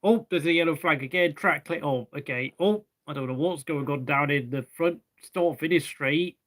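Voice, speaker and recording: A man's voice: fairly high pitch, moderate pace, fairly bright tone. A young man hosting a live race watchalong, chatting casually and rambling to fill the gaps between race updates. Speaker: watchalong host.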